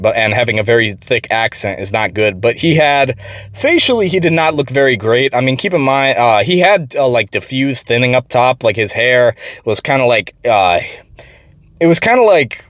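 A man's voice: medium pitch, expressive, normal speed, fairly bright tone, no room sound, studio quality. A man telling a workplace story in a rambling, profane way, full of restarts. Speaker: vlogger. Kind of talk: casual storytelling.

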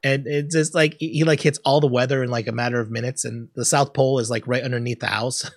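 A man co-hosting a podcast in a casual chat, animated, often laughing and acting out scenes in loud high bursts. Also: fast, no room sound, clean studio sound. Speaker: podcast co-host.

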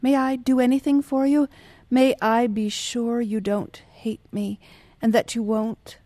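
A woman's voice: mid-range voice, slow pace, warm tone, no room sound, natural voice. A woman voicing an anxious, self-pitying young suitor who pleads and turns bitter. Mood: pleading. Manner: pleading, bursts of fierce bitterness.

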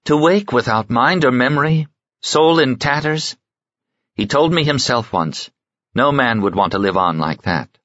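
A widowed countess, older, gentle but unbending in her grief, as a male narrator raises his voice for her. the pitch is lifted well above his own low register. the sound is dry and slightly dull. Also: animated, a little slow, no echo. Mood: sorrowful. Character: grieving older widowed countess, calm and firm.

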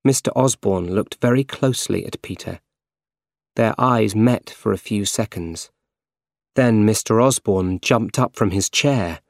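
A man reading a simple storybook aloud in slow, clear, carefully paced narration. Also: lowish voice, no echo, clean studio sound. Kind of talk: scripted narration of a graded reader story.

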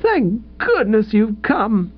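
A man voicing a doting yet peevish young wife who speaks in a high, cooing, plaintive way, in a dull lo-fi recording. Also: huge pitch swings, brisk, slightly rough, heavily acted.

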